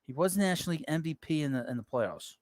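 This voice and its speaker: A man with a fairly high, expressive voice talks very fast with no echo. He's hosting a casual live-stream baseball talk show, rambling as he reads viewer messages aloud and tosses off quick reactions.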